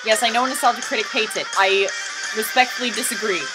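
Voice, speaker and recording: A woman giving casual, wry comedic commentary on a fan video, chatty and prone to excited outbursts. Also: a little high, quick pace, rough recording. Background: music from the video playing underneath.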